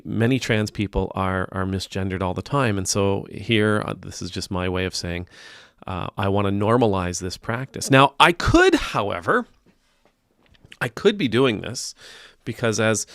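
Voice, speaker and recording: Low-voiced, wry male priest talking to camera. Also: gravelly, fairly bright tone, smooth, no room sound, studio quality. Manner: wry, teasing, conversational with frequent restarts. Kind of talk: casual spoken commentary to camera.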